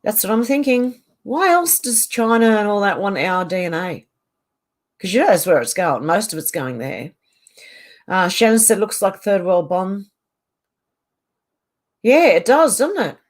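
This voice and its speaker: A woman's voice: mid-range voice, expressive, a little slow, long pauses. A middle-aged Australian woman chatting casually from her home on a livestream, reading out and answering viewer comments. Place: home on a mountain.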